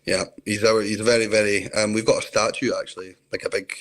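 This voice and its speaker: Scottish man, lowish pitch, rambling enthusiastic storyteller, casual interview guest. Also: little pitch movement, brisk, a bit bright, poor audio.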